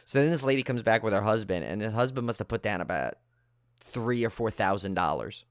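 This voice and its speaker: A man's voice: lowish voice, fairly quick, smooth, no echo, clean studio sound. A man co-hosting a podcast, telling a story in casual chat and acting out the people in it. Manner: animated anecdote-telling, acts out quoted people. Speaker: podcast co-host.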